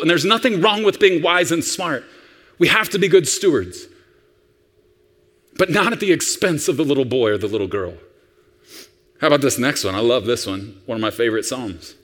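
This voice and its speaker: A man preaching a sermon as pastor, animated and acting out dialogues. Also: fairly high pitch, big-room sound.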